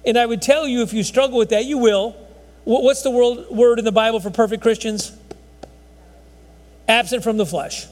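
A man's voice: very high voice, moderate pace, pauses often, darkish tone. A man preaching a conversational sermon in a folksy, rambling way, often restarting his sentences. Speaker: pastor. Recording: long hall reverb.

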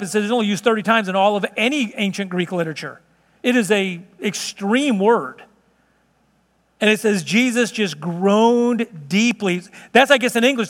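A man preaching a sermon in an emphatic, conversational way, at times dropping to slow, hushed tones. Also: high-pitched. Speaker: pastor. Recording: long reverb of a large hall.

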